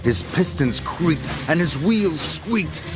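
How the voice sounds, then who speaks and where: A man narrating a children's storybook in an expressive, measured way. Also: fairly high pitch. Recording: loud music under the voice.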